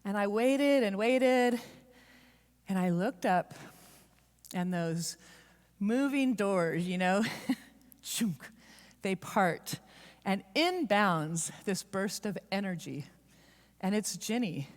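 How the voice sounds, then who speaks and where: A woman giving a heartfelt, confessional storytelling sermon at church, speeding up and slowing down for emphasis. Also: medium pitch, expressive. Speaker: church speaker. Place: church sanctuary. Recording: long reverb of a large hall.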